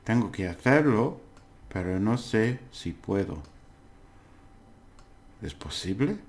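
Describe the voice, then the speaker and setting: Slow, low-voiced man teaching. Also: big pitch swings. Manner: slow, chatty, self-correcting, laughs at his own slips. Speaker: language teacher. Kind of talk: casual recorded lesson.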